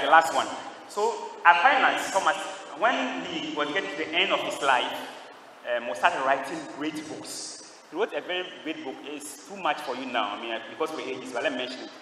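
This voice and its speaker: A priest delivering a homily to a young congregation, quizzing them and drawing answers back in call-and-response. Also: male voice, fairly high pitch, bright, forceful tone, slight background noise. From Ghana. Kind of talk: homily at a youth Mass. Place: large church. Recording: echoey church heard from a distance.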